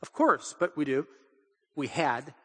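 Older male pastor, high-pitched and animated, storytelling sermon, long reverb in a church. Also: unhurried, slightly rough. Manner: animated, acts out quotes, laughs often. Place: church in Portland.

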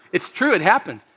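Bright-voiced man preaching a sermon. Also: high-pitched, husky. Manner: conversational, asks the congregation questions, laughs often. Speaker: pastor.

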